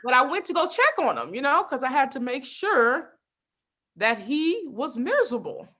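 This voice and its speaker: A young adult woman doing a stand-up comedy set, telling lively stories with constant asides to the crowd. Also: sits high, fairly quick. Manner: lively storytelling with frequent asides and laughs.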